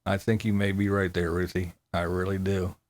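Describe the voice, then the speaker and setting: A man's voice: low voice, level tone, normal speed. A man hosting a casual livestream, reading viewer comments aloud in a laid-back way and chuckling often. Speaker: livestream host.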